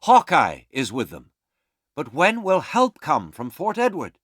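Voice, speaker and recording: A man's voice: fairly high pitch, wildly swooping pitch, unhurried, fairly bright tone, no room sound, studio quality, voice pushed up, exaggerated voice. A man voicing an earnest, anxious young officer in a raised, urgent tone. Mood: worried.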